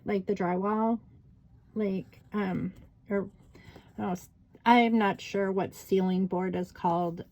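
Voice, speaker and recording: A woman's voice: mid-range voice, darkish tone, poor audio. A middle-aged woman vlogger telling a story in a rambling, casual way, full of fillers and asides. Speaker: crafting vlogger. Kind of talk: casual chat while journaling.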